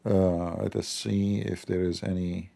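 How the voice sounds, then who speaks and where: Gravelly sarcastic man streaming commentary. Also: deep voice, little pitch movement, a little slow, mellow. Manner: sarcastic, mock-outraged joking. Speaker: live stream host. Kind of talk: joking live news commentary.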